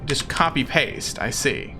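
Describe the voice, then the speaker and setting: A man's voice: medium pitch, very animated, unhurried, music in the background. A man streaming a game as a VTuber, chatting casually with his viewers in a playful, self-mocking, jokey way.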